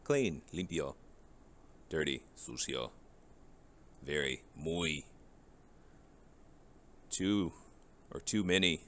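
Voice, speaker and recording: A man's voice: rumbling low, expressive, drawn-out words, long pauses, fairly bright tone, a little hiss or hum. A man teaching a Spanish vocabulary lesson, reading each English word and then its Spanish match, and asking the class rhetorical questions.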